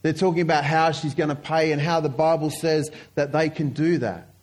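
A man preaching a sermon, telling stories earnestly and slowing down to stress key points. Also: on the high side, steady tone, noisy background. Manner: earnest storytelling, slowing down for emphasis.

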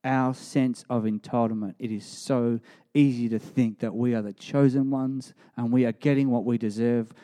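A man preaching a sermon, emphatic and animated as he tells the story. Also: mid-range voice, moderate pace.

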